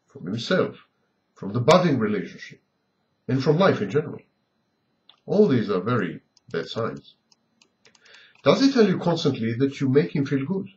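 Man firing off rhetorical questions, lively pitch. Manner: asks a long string of pointed rhetorical questions. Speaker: lecturer on abusive relationships. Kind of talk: scripted lecture monologue. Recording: dull lo-fi recording.

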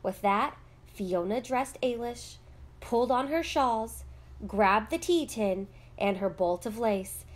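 A woman reading a children's picture book aloud with gentle, measured storytelling. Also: a little high, animated. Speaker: read-aloud narrator.

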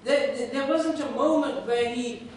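Man preaching, high pitched voice, conversational storytelling, very echoey room, mic far off. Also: a little slow, darkish tone, slight background noise. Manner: conversational, often checks in with "right?", repeats words. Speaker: religious speaker. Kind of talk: sermon storytelling. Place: university room.

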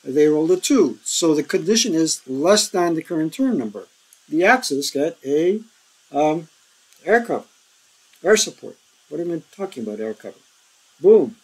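A man's voice: fairly high pitch, big pitch swings, normal speed, husky, low-quality recording. A man hosting a board game tutorial, casually explaining rules step by step with frequent ums and uhs.

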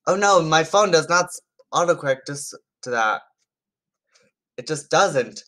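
A man's voice: on the high side, expressive, a little slow, sharp tone. Chatty man giving amused, stumbling commentary. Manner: chatty and amused, stumbling over words and restarting. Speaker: YouTuber. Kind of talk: casual comedic commentary reading text messages aloud.

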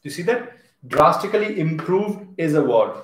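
A man's voice: fairly high pitch, expressive, normal speed, a little hiss or hum. A man with an Indian English accent teaching a live online English class, chatting and reading out viewers' comments as he goes. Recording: echoey room.

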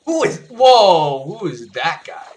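A man giving live gameplay commentary, excitable, repeating words in bursts and yelping when he gets hit. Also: a little high, slow pace. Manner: yelps and laughs when hit. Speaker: gaming YouTuber.

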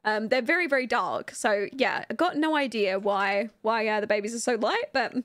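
A woman's voice: on the high side, moderate pace, a bit bright, dry recording. A young woman giving chatty, giggly commentary on her life-sim game and talking to her viewers. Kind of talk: casual gameplay commentary.

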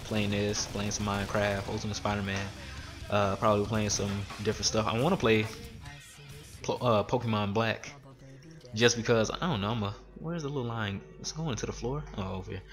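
Young man, low-pitched, profane exasperated rant, gameplay commentary, faint music behind. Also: steady tone, brisk, fairly bright tone. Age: 20s. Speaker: gaming streamer.

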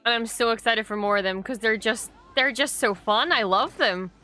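A young Irish woman hosting a reaction video, chatting casually and gushing excitedly with frequent swearing. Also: a little high, moderate pace, soft background music.

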